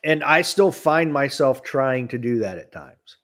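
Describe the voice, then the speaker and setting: A man hosting a podcast, with an ordinary mid-range voice. He talks in an easygoing way and asks short, relaxed follow-up questions. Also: medium pitch, unhurried. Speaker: podcast host. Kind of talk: casual interview chat.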